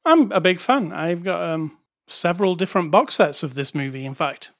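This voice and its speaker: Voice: medium pitch, lively intonation, normal speed, a bit bright. Dry, wry movie podcast co-host. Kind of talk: casual movie review chat.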